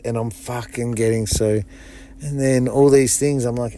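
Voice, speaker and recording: A man talking alone on his podcast in a rambling, heavily profane way, his voice jumping up when he retells stories. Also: unhurried. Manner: excitable, pitch jumps up in retold stories. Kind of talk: casual solo podcast monologue.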